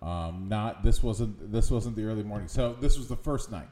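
A man's voice: fairly low pitch, moderate pace, dark tone. A man casually telling a rambling, self-mocking story about a first hunt, with many restarts. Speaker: guest storyteller. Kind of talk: casual chat.

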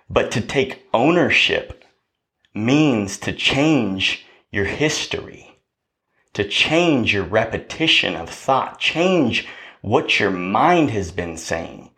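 A man's voice: fairly low pitch, lively intonation, slow pace, fairly bright tone. A man hosting a podcast, giving a motivational talk in a preachy way, often checking in with "right?". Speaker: podcast host.

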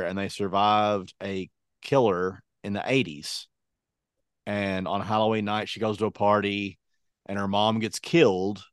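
A man's voice: on the low side, clean tone, dry recording, clean studio sound. A man co-hosting a podcast, casual and jokey, acting out quotes as he tells stories. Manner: animated, jokey storytelling with acted-out quotes. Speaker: podcast co-host. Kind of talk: casual chat.

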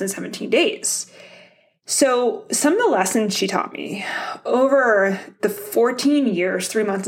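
A woman hosting a casual solo podcast, talking bluntly and motivationally to her listeners, swearing often and laughing easily. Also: a little high. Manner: motivational, addresses listeners directly. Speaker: podcast host.

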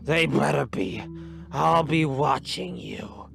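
A man's voice: medium pitch, vocal fry, a bit bright, faint music behind, full character voice. A man doing a menacing hunchbacked official. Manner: slow, threatening, drawn-out.

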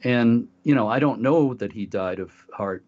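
A man with a mid-range voice speaks at a normal speed as he co-hosts a podcast talk show. He tells a story casually, full of fillers and restarts. The audio is dull and lo-fi.

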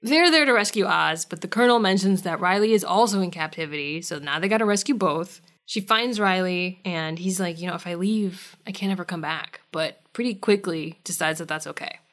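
A woman co-hosting a podcast, recapping episodes in a wry, animated, casual way with some swearing. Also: lowish voice, brisk, few pauses. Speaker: podcast co-host.

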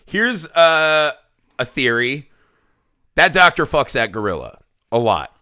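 Bright-voiced joking man. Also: fairly high pitch, sing-song, slow pace. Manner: joking, swearing, laughs often. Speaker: podcast co-host. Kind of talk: casual movie chat.

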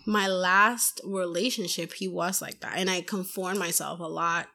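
Bubbly, loud woman guest; lively, frank, acts out the quotes. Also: on the low side, normal speed, creaky. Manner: loud, bubbly, animated storytelling. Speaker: podcast guest. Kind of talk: casual chat.

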